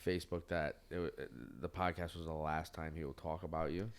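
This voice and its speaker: A laid-back male podcast host with a very low, deep voice. He asks casual questions and keeps nodding along with quick yeahs. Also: flat delivery. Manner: laid-back, reacts with short agreements.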